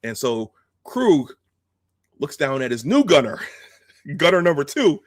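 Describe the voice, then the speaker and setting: A man hosting a video, telling a film's story in a casual, halting, animated way and acting out the scenes. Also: fairly high pitch, dry recording. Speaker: host. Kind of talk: casual film retelling.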